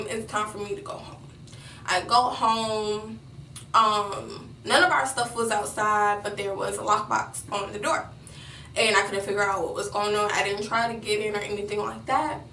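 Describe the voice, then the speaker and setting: A woman's voice: mid-range voice, flat delivery, normal speed, pushed and bright, roomy sound, far from the mic, a little hiss or hum, rough recording. Chatty young woman telling a story. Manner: rambling, many fillers and restarts. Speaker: vlogger. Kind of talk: personal storytelling.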